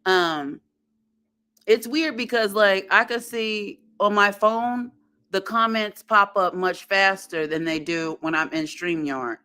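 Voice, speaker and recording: A woman hosts a casual livestream and chats at an unhurried pace. She talks in a halting, friendly way and greets her viewers one by one as they arrive. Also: medium pitch, bright, forceful tone, clean tone. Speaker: livestream host.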